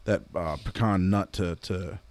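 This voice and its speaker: Low-voiced man, halting casual talk. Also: a little mellow, dry recording. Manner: halting, searching for words. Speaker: podcast co-host. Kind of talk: casual chat. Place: indoor room.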